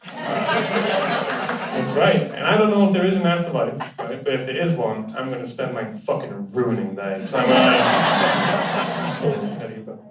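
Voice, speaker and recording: A young man doing a stand-up comedy set on a club stage, chatty and crude with deadpan punchlines and quick audience banter. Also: medium pitch, recorded from a distance, a little hiss or hum. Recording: roomy club sound with loud audience laughter. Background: audience laughing and cheering.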